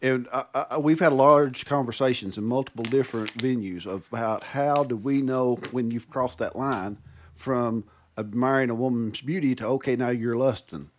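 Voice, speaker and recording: A man with a mid-range voice talks casually on a faith podcast. He drops quick affirmations and then lays out his points like a preacher. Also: medium pitch. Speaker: podcast co-host.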